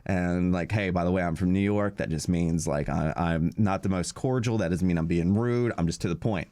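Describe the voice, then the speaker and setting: Deep-voiced man telling a rambling story. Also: moderate pace, no echo. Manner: rambling and animated, many fillers and acted-out quotes. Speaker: podcast co-host. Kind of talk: casual storytelling chat.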